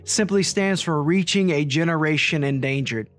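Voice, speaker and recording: Male ministry leader with a high voice, preaching an earnest gospel message with repeated phrases over faint music. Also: moderate pace, fairly bright tone.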